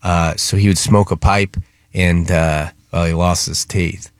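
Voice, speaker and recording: A man with a lowish voice hosts a music radio show and tells a family story in loose, casual banter. He stumbles and restarts now and then. The studio sound is dry and close. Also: steady tone, measured pace, clean tone, no echo.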